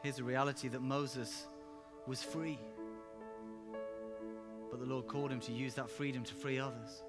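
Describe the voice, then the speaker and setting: A man preaching a sermon with personal stories, emphatic and animated, sometimes rising to loud exclamations. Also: mid-range voice, normal speed. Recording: reverberant hall with music underneath.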